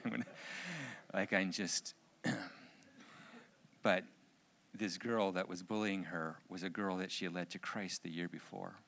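A middle-aged man telling a personal story in a sermon, an animated storyteller with jokey asides. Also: sits low, measured pace, vocal fry, a little hiss or hum. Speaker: speaker.

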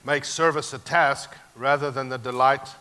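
A man pastor preaching a sermon, emphatic and animated, moving sharply between loud and quiet passages. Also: medium pitch, normal speed, smooth.

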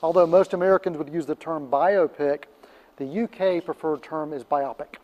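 A man's voice: fairly high pitch, normal speed, in a large hall, dull audio. A man co-hosting a casual radio show about films as the critic, rambling with many fillers and restarts. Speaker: film critic co-host.

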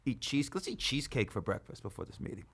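Comedian-host, male, 30s, casual banter, animated delivery. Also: mid-range voice, fast, gravelly, husky. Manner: animated, swings loud and soft, swears freely. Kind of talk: casual chat.

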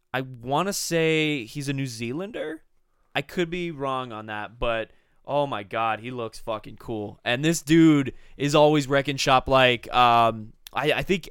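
Young male podcast co-host, smooth clear voice, dry close sound, gushing and profane. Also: mid-range voice, dry recording. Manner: excitable, swears often, many fillers. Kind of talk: casual chat.

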